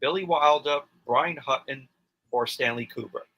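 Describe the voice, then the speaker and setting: Bright-voiced man reading quiz questions. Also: mid-range voice, normal speed, dull audio. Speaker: quizmaster. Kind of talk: reading trivia questions in casual chat.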